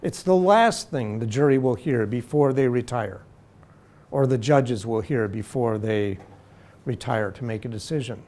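A man giving a university law lecture in a deliberate, measured way, slowing to stress key terms. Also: medium pitch, darkish tone.

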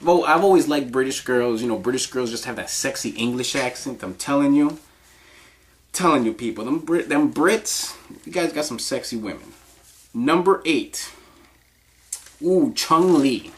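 A man's voice: mid-range voice, lively intonation, moderate pace. A man giving casual countdown commentary in a crude, rambling, profanity-heavy way, often laughing.

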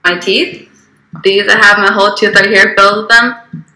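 A woman's voice: medium pitch, little pitch movement, moderate pace, pushed and bright. A woman vlogger answering fan questions in a casual Q&A, chatty and swearing freely as she tells stories. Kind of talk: casual Q&A vlog. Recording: echoey room, from an old vlog clip.

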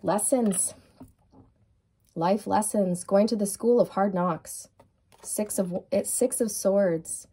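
A woman's voice: mid-range voice, takes it slowly, dark tone, husky. A woman reading tarot cards for viewers, speaking in a soothing, affirming and repetitive way. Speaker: tarot reader.

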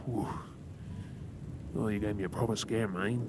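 Soft Australian man, whispered role-play. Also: on the low side. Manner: soft, gentle and reassuring, halting with fillers. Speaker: ASMR creator. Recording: rain and thunder noise behind. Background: steady rain and thunderstorm.

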